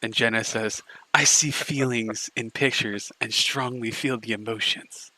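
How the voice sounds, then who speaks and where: A man's voice: mid-range voice, fairly even intonation, measured pace, sharp tone, no room sound, rough recording. A man hosting a casual group stream, mockingly reading aloud and stumbling over his words. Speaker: stream host.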